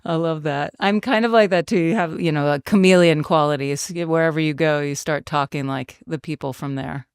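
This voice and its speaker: Enthusiastic smooth-voiced woman podcast host. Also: low-pitched, normal speed, few pauses, no echo, studio quality. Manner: warm, enthusiastic, laughs easily, fillers like "um". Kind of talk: podcast interview.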